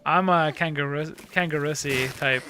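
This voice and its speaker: A man playing a game and chatting casually, who swears and yells at the boss and laughs a lot. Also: on the high side, steady tone, normal speed. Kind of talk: casual gameplay chat. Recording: game music behind voice.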